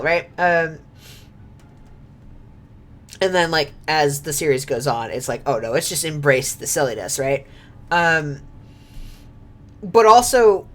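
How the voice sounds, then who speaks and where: A woman's voice: low-pitched, fairly bright tone. A woman streamer chatting casually over gameplay, rambling with many filler words and frequent laughs.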